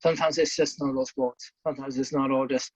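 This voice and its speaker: A woman's voice: a bass voice, fairly even intonation, a little fast, a little mellow, slightly rough, no echo. A woman, co-hosting a casual chat, blunt and swearing freely as she acts out stories. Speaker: podcast co-host. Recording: dull lo-fi sound.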